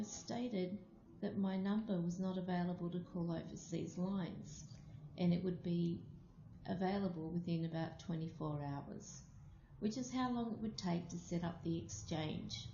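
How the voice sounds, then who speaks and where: A woman from Australia telling a personal story aloud, slow and deliberate. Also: fairly low pitch, warm tone, slight background noise. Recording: muffled, echoey room.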